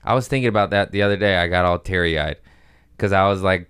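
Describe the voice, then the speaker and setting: A man hosting a podcast in a casual rambling monologue, profane and self-mocking, drifting between quick asides and mumbled lines. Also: low voice, fairly bright tone, smooth, no room sound, clean studio sound. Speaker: podcast host.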